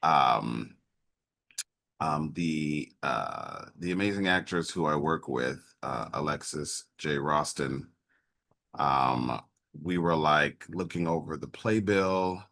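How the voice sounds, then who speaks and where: A man with an exceptionally deep voice speaks slowly as a podcast guest. He talks in a relaxed, halting way, restarting his sentences and leaning on fillers as he gathers his thoughts. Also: gravelly. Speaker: podcast guest, stage actor. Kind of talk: casual interview chat.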